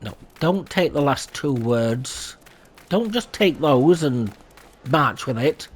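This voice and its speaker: A man's voice: mid-range voice, animated, slow, husky. A man chatting casually over gameplay as a channel host, self-deprecating and prone to laughing at himself. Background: faint game music.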